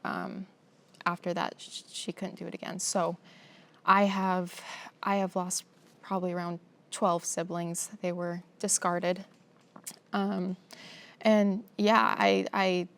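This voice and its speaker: A young woman telling her own story as a guest, emotional and halting, with many pauses and fillers. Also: mid-range voice. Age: young adult. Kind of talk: personal testimony in a sit-down conversation.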